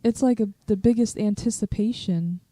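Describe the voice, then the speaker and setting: A woman's voice: mid-range voice, moderate pace, dark tone, no echo. A woman co-hosting a podcast in casual chat, speaking hesitantly with many fillers. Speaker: podcast co-host.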